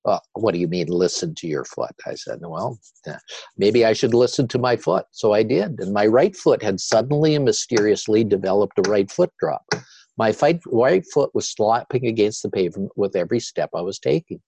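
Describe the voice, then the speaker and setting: An older man, a guest on an interview show, telling his story with animated repetition. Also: on the low side, normal speed, creaky, husky, dry recording.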